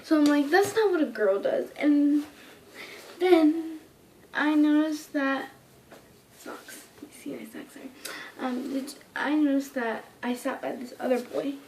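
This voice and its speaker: A high-pitched young woman telling a rambling storytime to camera. She keeps dropping into hushed whispers and jumping to squeals when she quotes herself. A faint hiss sits behind her voice. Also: little pitch movement, takes it slowly. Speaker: vlogger. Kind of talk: casual storytime.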